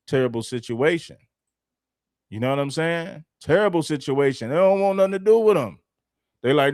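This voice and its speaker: A man's voice: fairly high pitch, lively intonation, normal speed, long pauses, a little mellow, no room sound, clean studio sound. A man hosting a show, talking bluntly in slangy casual commentary. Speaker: show host.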